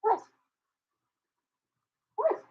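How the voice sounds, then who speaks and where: A middle-aged woman hosting a casual live stream, chatty and rambling, poking fun at herself. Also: extremely slow. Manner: chatty, rambling, self-deprecating. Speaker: livestream host. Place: home shop with pets. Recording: dull lo-fi stream audio with faint noise.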